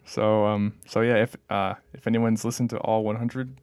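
A man's voice: on the low side, level tone, normal speed, a little mellow, smooth, dry recording. A young man hosting a parish podcast, chatting casually and hesitantly with many fillers. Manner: hesitant, lots of "um" and "like". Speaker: podcast host and parish staff. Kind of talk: casual chat.

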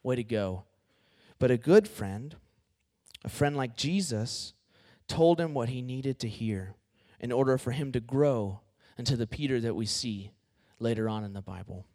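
A young man giving a casual, conversational sermon to a student group, animated and talking straight to his listeners. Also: medium pitch, normal speed. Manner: conversational and animated, addresses the group as "y'all" and "guys". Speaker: campus ministry speaker.

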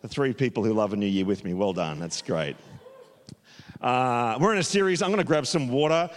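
A man preaching a casual, chatty sermon as executive pastor, upbeat, with many fillers and a slightly hoarse voice. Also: medium pitch, animated, fairly quick. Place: church auditorium. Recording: long hall reverb.

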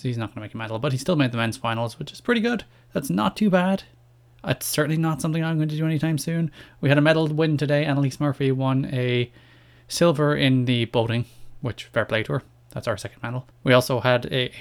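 Chatty Irish man rambling on a podcast. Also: mid-range voice. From Ireland. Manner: rambling, chatty, self-deprecating asides. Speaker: podcast host. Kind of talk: casual solo podcast monologue.

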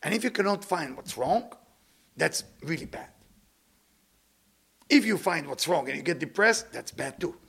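A man giving a motivational spiritual talk in English with dropped words, playful and animated, stacking words in long repeated lists. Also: sits high, creaky. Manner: speaks non-native English with dropped words.

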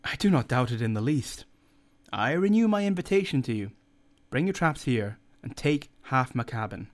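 A man's voice: mid-range voice, very animated, normal speed, natural voice. A man doing a stubborn, wry ship's doctor. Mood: dry. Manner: firm, matter-of-fact. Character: calm, wry older ship's surgeon, stubborn.

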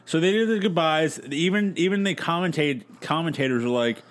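A podcast co-host with a slightly high, brisk male voice keeps the chat casual, loose and profane. He often quotes other people using put-on voices.

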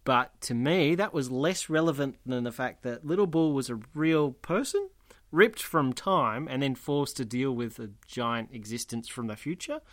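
A man talking casually about a book with his co-hosts. His pitch moves a lot, and he reads passages aloud with expression. The sound is close and dry. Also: dry recording. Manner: animated, reads quotes expressively, laughs often. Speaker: book podcast co-host. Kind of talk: casual book discussion with read-aloud quotes.

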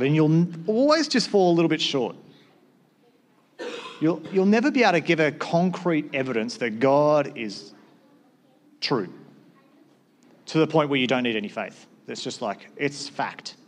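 A man, a pastor with school-age kids, preaching a sermon in a conversational way and acting out short exchanges. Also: medium pitch.

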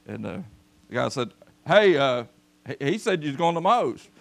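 A pastor tells a folksy story from the pulpit and calls out to his congregation. His voice sits a little high and has a gravelly edge. His pitch swings widely as he acts out the scenes. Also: sing-song, moderate pace, a bit bright. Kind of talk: storytelling sermon. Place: church service.

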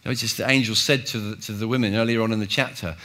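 A man's voice: fairly low pitch, fairly even intonation, fast talker, bright, forceful tone. A man preaching a sermon in a church, emphatic and repeating words, acting out quotes with big swings in volume. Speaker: pastor.

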